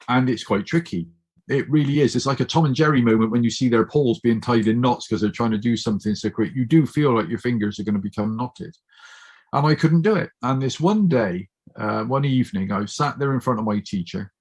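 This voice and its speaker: Middle-aged male guest with a husky, mid-range voice, telling a story casually and playing every part. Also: mid-range voice. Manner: lively storyteller who acts out quoted speech. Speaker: guest speaker. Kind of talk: casual storytelling in a chat show.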